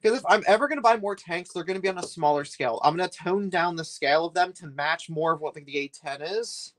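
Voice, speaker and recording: A man's voice: a little high, fast talker, a bit bright. A man streaming live while he builds a set, rambling and chatty, complaining with a laugh.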